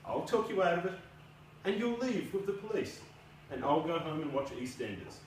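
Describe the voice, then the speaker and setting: Dry, dismissive young male hero, read by the author; lively pitch, far from the mic, big echo. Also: normal speed, a little hiss or hum. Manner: dry, dismissive, bored banter. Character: sardonic young male London superhero. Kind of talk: author reading aloud. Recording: echoey room from a distance.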